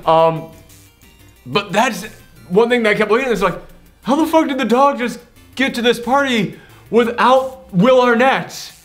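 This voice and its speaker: Higher-voiced man ranting about a movie. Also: measured pace, long pauses, soft background music. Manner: animated, swears freely, sarcastic. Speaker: host. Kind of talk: casual movie reaction chat.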